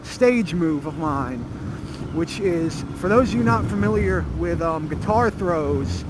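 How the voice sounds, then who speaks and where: Male moto vlogger, swears a lot, loose storyteller, high voice, road and engine noise behind. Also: animated, takes it slowly. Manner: profane, rambling, laughing storyteller. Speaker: motorcycle vlogger. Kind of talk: casual storytelling. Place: outdoors on a motorcycle in traffic. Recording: helmet mic with road noise.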